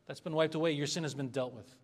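A man's voice: fairly high pitch, steady tone, fast talker. A man preaching an expository sermon as a pastor, earnest and conversational, asking the congregation for responses.

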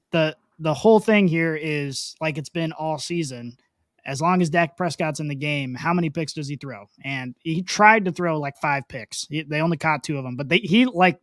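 A man's voice: on the high side, a bit bright, dry recording, clean studio sound. A man co-hosting a sports podcast, talking animatedly in casual chat and acting out quotes, swearing freely. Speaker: podcast co-host.

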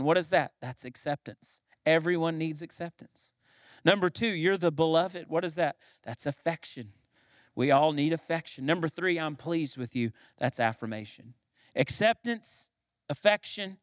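A man with a notably high voice delivers a sermon as a pastor. He builds his points through repetition and rising emphasis. The sound is close and dry, with no room around it. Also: fairly bright tone, no room sound.

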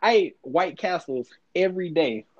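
A man's voice: high-pitched, animated, normal speed, over a noisy crowd. Boastful man, slightly dull recording. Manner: boastful, insistent, swearing. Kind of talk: casual chat.

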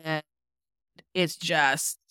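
This young woman has a low-pitched, smooth voice and speaks very slowly while co-hosting a podcast. In casual chat she tells an animated reality-show story, acting out what people said with plenty of "like." It's a clean, echo-free studio recording.

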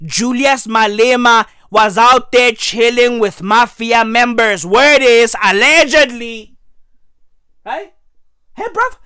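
Hoarse South African man ranting. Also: very high voice, slow, bright, forceful tone, dry recording, studio quality. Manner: profane, repetitive, mixes in Zulu slang. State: hoarse, clearing throat. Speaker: vlogger. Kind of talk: comedic political rant.

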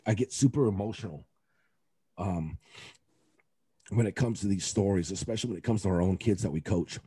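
A man's voice: on the low side, mellow, slightly rough, no room sound. A man, a youth coach, talking in a casual podcast chat, rambling and emotional with many fillers and restarts.

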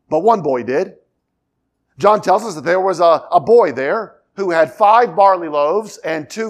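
A male pastor preaching an expository sermon, reading scripture aloud and acting out the dialogue in conversational asides with rhetorical questions. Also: on the high side.

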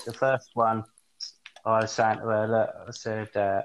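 A man from England co-hosting a podcast, telling crude stories in an animated way, swearing and laughing at his own jokes. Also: fairly low pitch, moderate pace, very noisy. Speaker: podcast co-host. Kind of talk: crude comedic casual chat.

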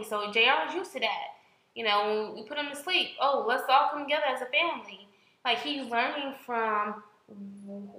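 A young woman co-hosting a podcast chats casually and at length, full of fillers and restarts. Her voice is a little high, pushed and bright, captured in a reverberant, low-quality recording.

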